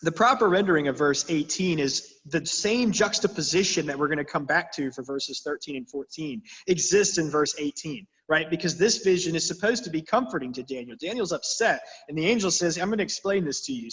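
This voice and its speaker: Husky man teaching a church Bible study. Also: fairly high pitch, fairly bright tone. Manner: conversational, checks in with the group, reads scripture with emphasis. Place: church meeting room. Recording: long reverb of a church hall.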